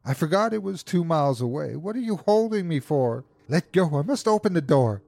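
A man voicing a grief-stricken old woman and desperate mother who cries out in a shrill, pleading voice. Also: expressive, fairly quick, creaky, mellow, dry recording, studio quality. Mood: frantic.

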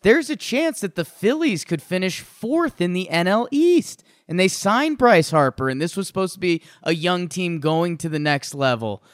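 A man co-hosting a casual baseball podcast, talking in an animated, rambling way with lots of restarts. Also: sits high, normal speed, hardly any pauses, no echo, studio quality. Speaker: podcast co-host. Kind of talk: casual sports chat.

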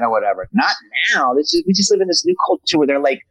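A man, a comedian guest on a podcast, telling animated stories in casual chat and slipping into character voices. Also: on the high side, fast, few pauses, no room sound, muffled recording.

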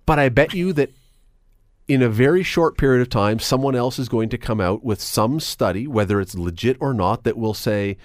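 A man hosting a talk radio show, chatty and animated, with quick asides. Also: medium pitch, no room sound, studio quality. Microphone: studio microphone.

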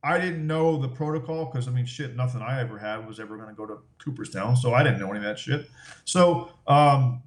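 A man's voice: mid-range voice, brisk, echoey room. A middle-aged former ballplayer telling stories as a podcast guest, swearing freely and laughing as he talks. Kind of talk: casual storytelling, profane.

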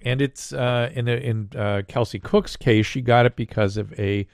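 A man's voice: mid-range voice, fairly even intonation, unhurried, vocal fry, no echo, studio quality. An older man hosting a casual podcast, a doctor who explains medical points plainly while answering listener questions.

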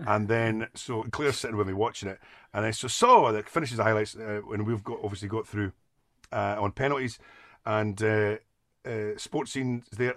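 A Scottish man on a podcast, telling animated anecdotes and laughing often. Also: fairly low pitch, normal speed, dry recording. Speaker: podcast guest. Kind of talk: casual storytelling.

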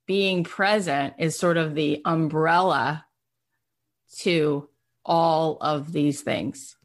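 Enthusiastic woman host, lowish voice. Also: fairly even intonation, drawn-out words. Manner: enthusiastic, chatty questions with fillers. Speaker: interview host. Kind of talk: casual interview.

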